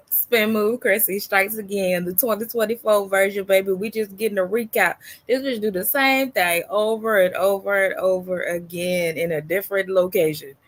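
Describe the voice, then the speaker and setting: A woman's voice: medium pitch, steady tone, normal speed. A woman hosting a reaction video, talking bluntly and mockingly with plenty of profanity, calling listeners "baby" and "girl". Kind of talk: casual reaction commentary.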